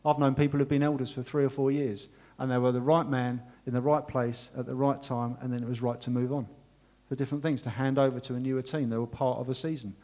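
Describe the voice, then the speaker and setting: A man's voice: mid-range voice, flat delivery, fast, hardly any pauses. A man preaching a sermon as pastor, earnestly thanking his congregation and leading a closing prayer. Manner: earnest, warm, emotional thanks.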